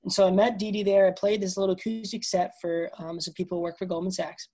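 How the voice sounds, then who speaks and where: A woman's voice: lowish voice, fast, slightly rough. A woman in her twenties, a guest musician, telling a story animatedly on a video call and acting out the quoted dialogue. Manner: animated, acts out quoted dialogue, says dude and bro. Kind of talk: casual storytelling interview.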